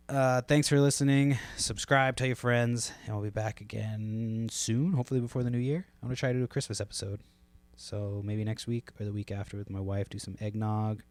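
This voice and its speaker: A man's voice: on the low side, no room sound. A man hosting a podcast alone, rambling casually with lots of fillers, restarts and swearing. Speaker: podcast host.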